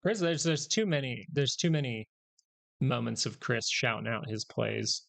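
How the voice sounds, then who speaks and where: Gravelly-voiced man hosting a market stream. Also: medium pitch, expressive, unhurried, a bit bright. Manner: rambling, self-correcting, joking with chat. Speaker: stock market live stream host. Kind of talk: casual live market commentary.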